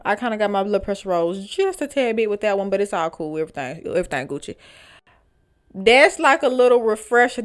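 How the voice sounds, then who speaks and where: A woman hosting a storytime vlog. She reads online posts aloud and reacts to them in an animated, dramatic, slangy way. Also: on the high side. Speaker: storytime vlogger.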